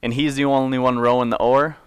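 A pastor reads scripture to his congregation and explains it in a casual, joking sermon, correcting himself as he goes. His mid-range voice is level, smooth, and fairly quick, recorded dry.

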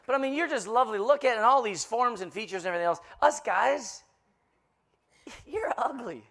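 A man in his fifties with a notably high-pitched voice preaches as a guest pastor. He fills his sermon with jokes and playful teasing of the congregation, telling stories with lively animation. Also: a little fast, creaky, slight background noise. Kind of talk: joke-filled sermon.

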